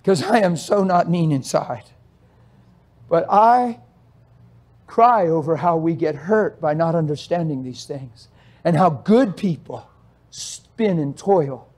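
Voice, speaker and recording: A man preaching as a pastor, impassioned and pleading, firing off rhetorical questions and swinging between hushed, quiet passages and loud outbursts. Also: fairly high pitch, animated. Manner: asks rapid rhetorical questions. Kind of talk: sermon.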